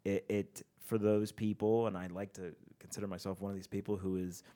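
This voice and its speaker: A man with a fairly low voice chats casually in a podcast studio. He tells stories with animation and laughs easily between lines. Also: flat delivery, a little fast, dark tone. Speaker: podcast host.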